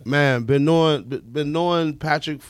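A man's voice: on the high side, moderate pace, smooth, no echo. A man who is a regular on a casual podcast, loose and chatty and leaning on filler words.

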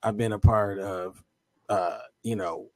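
Halting man reading viewer comments. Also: fairly low pitch, fairly even intonation, darkish tone, dry recording. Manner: halting, many fillers and restarts. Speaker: co-host.

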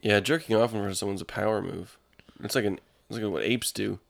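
Gravelly, dry-witted co-host, man. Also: fairly low pitch, fairly even intonation, quick pace, dry recording. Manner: dry, teasing sarcasm. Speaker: podcast co-host. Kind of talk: casual chat.

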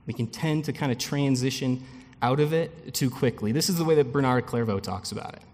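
A pastor gives a relaxed, chatty sermon with asides to the congregation. His voice sits at a middle pitch for a man. The sound carries a long reverb from a church hall. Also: brisk. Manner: conversational, animated preaching with frequent asides and light laughs.

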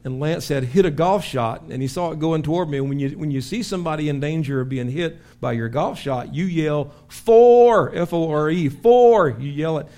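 A man preaching a sermon as pastor in a church, telling stories with lively acted-out shouts. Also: on the high side, brisk, few pauses. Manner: animated storytelling with acted-out shouts. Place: church sanctuary.

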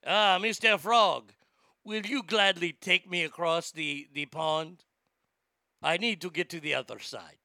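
A man's voice: high-pitched, unhurried, gravelly, sharp tone, dry recording, clean studio sound, exaggerated voice. A man voicing a sly male scorpion in a put-on French accent, suave and mock-polite.

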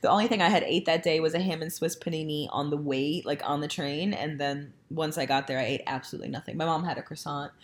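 A woman's voice: sits low, fast, few pauses. A young woman casually chatting as a podcast co-host, telling a story animatedly and swearing freely. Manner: storytelling, profane, animated when retelling. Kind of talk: casual chat.

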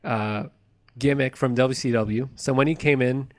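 A man's voice: medium pitch, fairly even intonation, a little slow. Male podcast host, casual chat, wry chuckles, mid voice. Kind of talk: casual chat, recapping wrestling.

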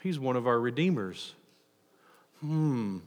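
A man preaching a sermon as a pastor, animated, with frequent restarts and acted-out quotes. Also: mid-range voice, takes it slowly, long reverb tail.

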